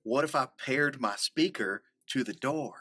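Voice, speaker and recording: A man's voice: mid-range voice, a little slow, pushed and bright, slightly rough, dry recording. A man playing a tabletop game, rambling in a goofy in-character way. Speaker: player. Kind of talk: casual tabletop role-play chat.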